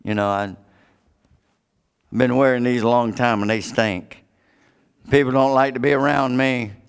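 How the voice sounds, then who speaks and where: A preacher playing a blind beggar pleading to see. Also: male voice, medium pitch, steady tone, normal speed, gravelly, clean tone, pitched below the performer's own voice, close to an everyday voice. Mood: wry pleading. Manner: earnest, pleading. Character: blind male beggar pleading for his sight.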